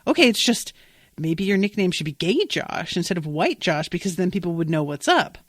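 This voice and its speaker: A woman voicing an unbothered, laid-back young man who speaks flat and deadpan. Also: fairly low pitch, a little fast, dry recording, studio quality.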